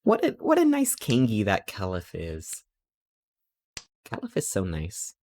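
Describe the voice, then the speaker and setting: A man's voice: lowish voice, huge pitch swings, a little slow, a little mellow. A man streaming live, telling stories in a rambling, playful way and acting out quotes. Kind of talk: casual chat while streaming.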